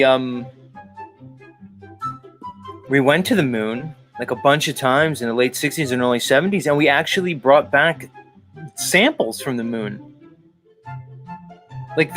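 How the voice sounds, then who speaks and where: A male talk-show host rants in an agitated, rambling manner and swears freely. His voice sits at a medium pitch. Clear music runs underneath his talk. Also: fairly bright tone. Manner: agitated, profane, rambling rant. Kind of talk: ranting commentary show.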